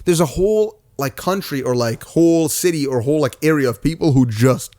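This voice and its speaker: A man's voice: fairly high pitch, a little fast, dark tone, no echo. A young man co-hosting a podcast in casual, profane, joking chat. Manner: profane, joking, breaks into mock British accents. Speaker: podcast co-host.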